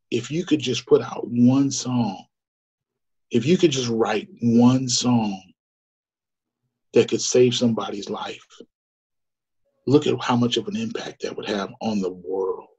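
A man's voice: medium pitch, slow, pauses often, warm tone, slightly rough. A middle-aged man giving an earnest, conversational personal testimony, full of fillers and restarts. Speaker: guest storyteller. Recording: muffled lo-fi recording.

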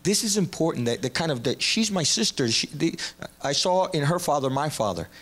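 A man's voice: a little high, lively intonation, fairly quick, fairly bright tone. A man, a guest on a talk show, speaking enthusiastically and retelling a parable. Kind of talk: casual talk show discussion.

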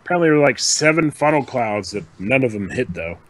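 A man's voice: mid-range voice, quick pace. A man co-hosting a casual fan podcast, joking around and laughing often. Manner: animated, laughs often, jokey. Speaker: podcast co-host. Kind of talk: casual chat.

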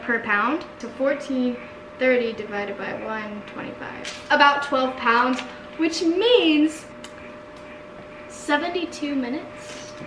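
A woman's voice: high-pitched, fairly bright tone, reverberant, a little hiss or hum, low-quality recording. A young woman rambling chattily through a cooking vlog, mocking herself as she goes. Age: young adult. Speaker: vlogger.

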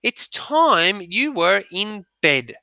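Male teacher putting on a prim, motherly storybook girl, high-pitched, slow and clear. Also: sing-song, sharp tone, dry recording, clean studio sound, heavily acted. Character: girl, sensible motherly older sister.

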